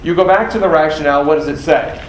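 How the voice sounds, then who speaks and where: A man with a fairly high voice talks fast while teaching a nursing exam prep class, quizzing students and acting out exam scenarios in lecture style. The rough recording is reverberant, with slight background noise.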